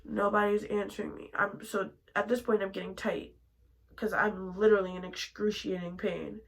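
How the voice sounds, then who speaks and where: A young woman vlogger telling a personal story in casual chat, animated, dropping to hushed asides and then bursting out loud. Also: medium pitch, moderate pace, creaky, poor audio.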